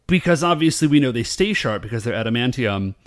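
A man co-hosting a podcast in casual chat, animated and rambling, full of fillers. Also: mid-range voice, fast talker. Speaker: podcast co-host.

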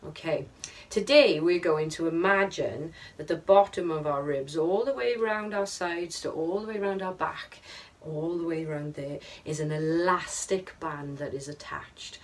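A woman choir leader guiding a vocal warm-up, upbeat and encouraging, counting the group in. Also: deep voice. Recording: distant mic with music behind.

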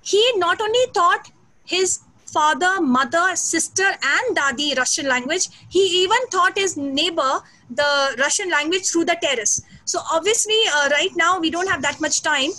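Bright high-voiced woman lecturing online. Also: low-quality recording. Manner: fast, energetic, emphatic delivery. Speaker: guest lecturer. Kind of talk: online teacher training talk. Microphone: video call.

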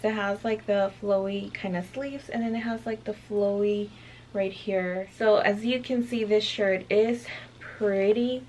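A young woman vlogging at home, out of breath, chatty and halting with lots of fillers. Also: mid-range voice, steady tone, darkish tone, slight background noise, rough recording. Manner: chatty, hesitant with many fillers. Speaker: beauty vlogger. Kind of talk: casual haul video.

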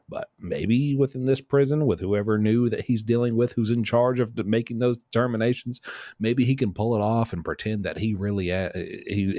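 A man's voice: on the low side, darkish tone, no room sound, clean studio sound. A man giving casual, blunt commentary in a streetwise way, with many fillers and restarts. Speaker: commentator on prison news.

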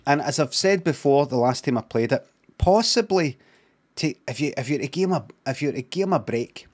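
A man's voice: mid-range voice, lively intonation, brisk, a little mellow. A Scottish streamer casually commenting on a clip, rambling and repeating words as he thinks aloud.

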